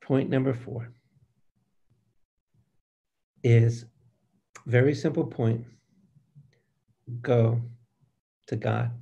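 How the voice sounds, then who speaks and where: Slow, gravelly older male preacher. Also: medium pitch, fairly even intonation, mellow, dull audio. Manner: slow, emphatic preaching that speaks to the listeners directly and asks them for amens. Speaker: priest teaching a Bible study. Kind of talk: preaching to a live group.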